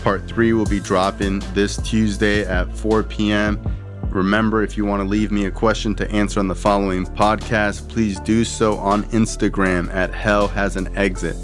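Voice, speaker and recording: Low-voiced male podcast host signing off. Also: little pitch movement, moderate pace, music in the background. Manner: friendly direct address to listeners. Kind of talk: show outro and sponsor read.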